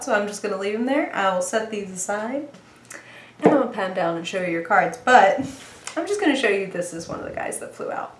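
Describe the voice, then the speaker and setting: A woman's voice: medium pitch, roomy sound, slight background noise. A woman reading tarot for viewers in a bubbly, chatty way, thinking aloud as she goes. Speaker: tarot reader. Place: indoor room with bright light.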